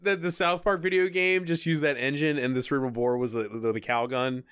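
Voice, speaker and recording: A man's voice: a little high, fairly even intonation, brisk, fairly bright tone, smooth. A man co-hosting a podcast, riffing on a movie with jokey comparisons and frequent laughter. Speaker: podcast co-host. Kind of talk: casual movie commentary chat.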